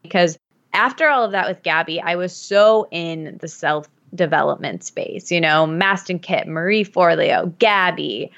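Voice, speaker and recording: A woman's voice: on the low side, unhurried, gravelly, a bit bright. Chatty woman in her thirties from Michigan, rambling storyteller voice, podcast guest, slightly muffled sound. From Michigan, USA. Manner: chatty, storytelling with many fillers. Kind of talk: casual podcast conversation.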